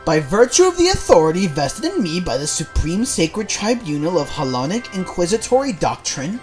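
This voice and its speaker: A man's voice: high-pitched, very animated, moderate pace, faint music behind. A man voicing a stern male church inquisitor, reading game dialogue in stiff, archaic formal speech. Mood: grave.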